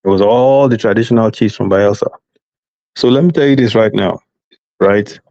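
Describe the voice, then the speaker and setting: A man's voice: lowish voice, moderate pace, creaky, dark tone, no room sound, highs cut off. A man arguing insistently on a live political panel, talking over others and repeating himself. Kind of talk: heated live panel debate.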